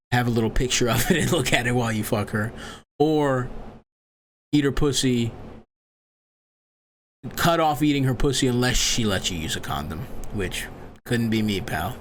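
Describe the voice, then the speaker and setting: A man's voice: medium pitch, slight background noise. A man hosting a comedic call-in advice show, crude, profane and rambling, full of boisterous asides. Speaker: host.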